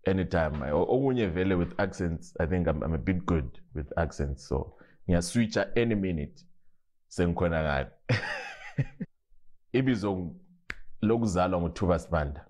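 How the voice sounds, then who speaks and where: Very deep-voiced Zimbabwean comedian. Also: male voice, moderate pace, pauses often. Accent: Zimbabwean Ndebele. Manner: relaxed storytelling with frequent restarts and laughs. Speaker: comedian guest. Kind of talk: casual interview, mixing English and Ndebele.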